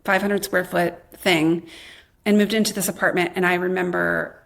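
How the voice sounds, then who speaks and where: A woman in her thirties, a podcast guest candidly telling her own life story, quoting her past self in lively bursts with a lot of "like". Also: on the low side, moderate pace, vocal fry. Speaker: podcast guest, memoir author.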